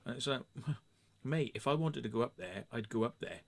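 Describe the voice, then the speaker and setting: A man's voice: medium pitch, normal speed, creaky. Sweary English man ranting. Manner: sweary, sarcastic, animated storytelling. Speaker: vlogger. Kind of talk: casual ranting monologue.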